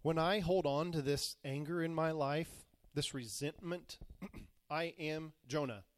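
A man's voice: fairly high pitch, a little slow, dry recording. A man preaching a sermon, retelling scripture in plain, modern words and acting out the quoted voices. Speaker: pastor.

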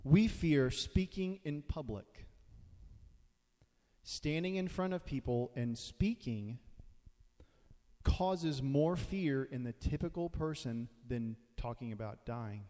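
A man's voice: medium pitch, slow pace, dark tone. A man preaching a sermon in a conversational way, now and then acting out quoted voices. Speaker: pastor. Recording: long hall reverb.

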